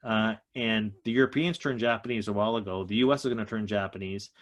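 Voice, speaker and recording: A man's voice: fairly low pitch, fast talker. A man giving an emphatic economic talk to a group over a video call, slightly out of breath. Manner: emphatic, stresses key points. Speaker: economist guest speaker.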